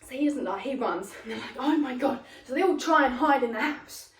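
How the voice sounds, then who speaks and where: A young woman, casually retelling a film's plot in a rambling, animated way, full of fillers. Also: sits high, brisk, far from the mic, slight background noise. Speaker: vlogger retelling a film plot. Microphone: phone propped up at a distance. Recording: roomy, voice off the phone mic.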